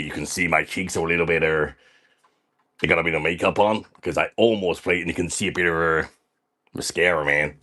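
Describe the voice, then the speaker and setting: A crude, swaggering party dude with a very deep voice, played by a man, chatting on a comedy livestream. He is boastful and foul-mouthed, and caps nearly every sentence with "man". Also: sharp tone, full character voice. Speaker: livestream character host. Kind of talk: comedic livestream persona reading chat.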